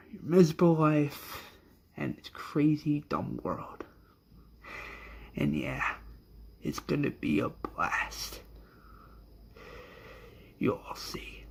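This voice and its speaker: A gloating villain, as a man puts him on, dropping into a low, hushed half-whisper as he taunts everyone left behind. His voice sits high for a man but drags out slowly, each threat drawn out. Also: vocal fry, husky, exaggerated voice. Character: menacing man escaping, taunting.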